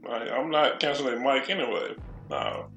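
A man's voice: mid-range voice, lively intonation, moderate pace, fairly bright tone, highs cut off, faint music behind. A young man joking in laid-back, casual chat. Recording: echoey room.

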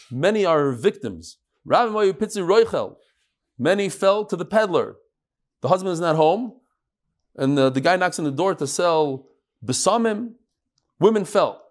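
High-voiced man teaching a Talmud class. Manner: reads Hebrew-Aramaic text then translates in Yeshivish English.

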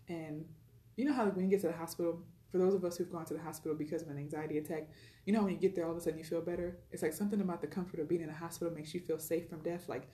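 Fast-talking woman, echoey room. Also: fairly low pitch, steady tone, mellow. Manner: chatty, retells dialogue, frequent fillers. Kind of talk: personal storytelling.

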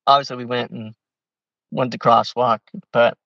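A man, a podcast guest, telling stories in a rambling, animated, casual way with many fillers. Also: mid-range voice, normal speed, creaky, no room sound, far from the mic, highs cut off. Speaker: podcast guest, former missionary. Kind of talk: casual storytelling.

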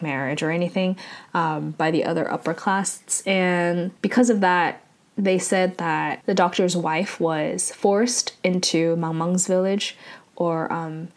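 A woman casually recapping a drama episode, talking in a loose, chatty way, full of "like" fillers and quick self-corrections. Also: on the low side.

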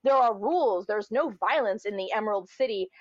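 A woman's voice: medium pitch, animated, brisk, no echo, highs cut off, lightly acted. A woman voicing a fussy male wizard who nervously insists on the rules. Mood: flustered. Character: fussy male wizard, rule-bound ruler.

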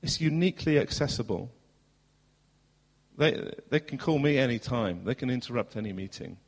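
An earnest pastor with a southern English accent, medium-pitched and expressive, delivers a sermon at normal speed. He asks rhetorical questions and moves from loud to quiet passages, all echoing with long hall reverb.

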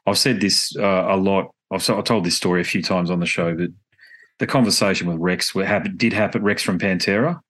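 A man's voice: deep voice, fairly even intonation, a little fast, fairly bright tone. An Australian man hosting a podcast, chatting casually and telling rambling stories that he keeps correcting as he goes. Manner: rambling, self-correcting storyteller. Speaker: podcast host. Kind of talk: casual chat.

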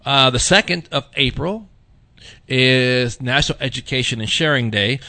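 A man's voice: mid-range voice, normal speed, pushed and bright. A man hosting a radio show, casually reading through a list of holidays with easygoing fillers. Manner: easygoing, reads lists with fillers. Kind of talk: casual chat.

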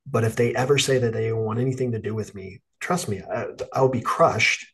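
A man's voice: medium pitch, brisk, creaky. A man hosting a podcast and coaching dads, speaking earnestly and encouragingly in casual chat. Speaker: podcast host and dads' coach.

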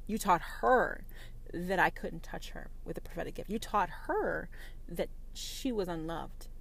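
A woman's voice: medium pitch, a bit bright. A woman who calls herself a prophetess delivers a confrontational, profane religious rant and hammers her points with repeated denials. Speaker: self-described prophetess. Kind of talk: impassioned religious rant to camera.

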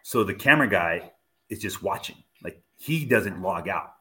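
A man guest telling a story in casual chat, animated and laughing as he goes. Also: deep voice, moderate pace. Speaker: podcast guest, medical team member for motocross.

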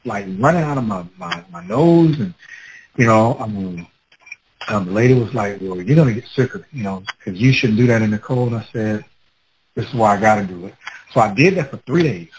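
Animated storytelling man, faint background hiss. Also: on the low side, fairly quick, low-quality recording. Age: adult with children. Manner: animated, laughing, acts out his own past words. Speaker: guest telling a personal story. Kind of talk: casual personal storytelling.

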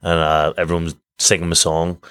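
A man tells sweary, laughing stories in casual chat. His voice sits on the low side. The sound is close and dry. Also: completely flat delivery, a little fast, a bit bright, clear, resonant tone, dry recording. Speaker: guest boxer.

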